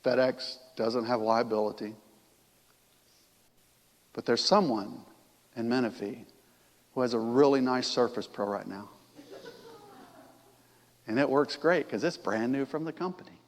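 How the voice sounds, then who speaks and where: Unhurried and pausing often, a middle-aged preacher with a mid-range voice addresses his congregation conversationally, asking them questions. The church sanctuary gives the recording a long reverb.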